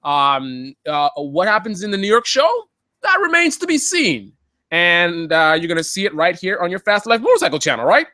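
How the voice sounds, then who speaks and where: A man's voice: sits high, very animated, moderate pace, bright, forceful tone, no room sound, clean studio sound. A man hosting a live motorcycle channel update, talking casually in a joking, rambling way with lots of fillers.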